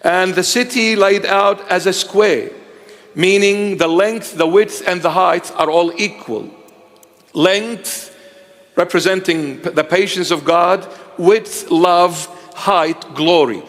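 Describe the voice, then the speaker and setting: A man in his fifties preaching a sermon in a high voice, slow and emphatic, returning to his key lines again and again. His words ring out in a long hall echo. Faint music sits beneath him. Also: fairly bright tone.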